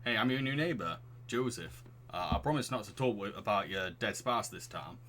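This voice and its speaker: Northern English neighbour, chatty youth minister, bright forward tone; a man doing the voice. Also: on the low side, animated, moderate pace, slight background noise. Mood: cheerful. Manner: chatty, awkward, cheerful. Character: friendly clean-cut male neighbour, youth minister.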